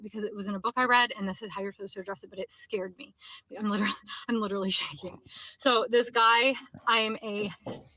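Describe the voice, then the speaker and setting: A woman's voice: fairly high pitch, bright, forceful tone, no room sound, rough recording. A woman telling a story to camera, emphatic and repeating herself. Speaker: woman in a played clip. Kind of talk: monologue to camera.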